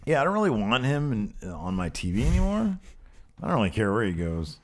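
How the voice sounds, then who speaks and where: Lively, sarcastic low-voiced man ranting. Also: fairly quick. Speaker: podcast co-host. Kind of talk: casual chat.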